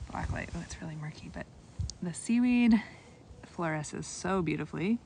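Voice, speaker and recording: A woman giving live-streamed commentary on a night beach walk, bubbly and excitable as she points out sea creatures outdoors. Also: fairly low pitch, moderate pace, creaky, background noise. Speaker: naturalist guide on a live stream.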